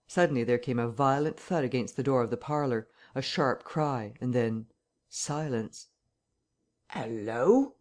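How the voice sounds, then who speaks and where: A male narrator reading a classic novel in a measured, steady audiobook style. His pitch sits in an ordinary middle register for a man.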